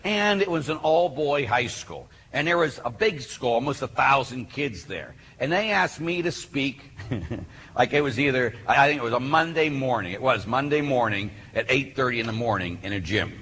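A man, a Catholic priest, preaching a sermon and telling stories with lively acted-out voices. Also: mid-range voice, normal speed. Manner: animated storyteller who acts out voices. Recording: hall reverb, faint background noise.

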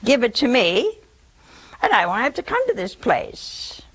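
A woman's voice: a little high, wildly swooping pitch, a little slow, fairly bright tone, breathy edge, heavily acted, rough recording. A woman preacher voicing a sly, evasive woman of scripture who keeps changing the subject. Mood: scheming. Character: evasive, quick-tongued ancient village woman.

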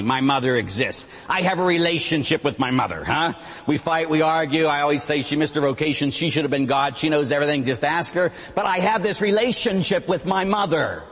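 A middle-aged man who is a Catholic priest, preaching a sermon in an animated way and mimicking voices and sound effects. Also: a little high, a little fast, slightly rough. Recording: long echo from a large hall.

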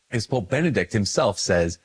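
Lowish husky priest guy rambling in a video, pokes fun at himself, lots of um and like. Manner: animated, self-mocking, rambling with fillers. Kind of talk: casual video talk to camera.

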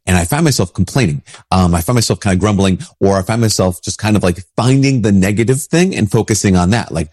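A priest with a stuffy nose from a cold, giving a casual spiritual talk with many restarts. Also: male voice, lowish voice, fast talker, few pauses, darkish tone, dry recording, studio quality. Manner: casual, rambling, frequent restarts. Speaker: Catholic priest.

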